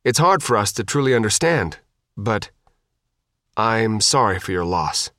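A man's voice: lowish voice, sing-song, measured pace, bright, forceful tone, dry recording, clean studio sound, full character voice. A man reading the part of a young woman boat captain, firm and commanding. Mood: bossy.

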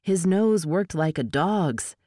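Brief: low-pitched woman, audiobook narrator; steady and measured, dry close mic. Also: no echo. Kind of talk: scripted narration of a novel.

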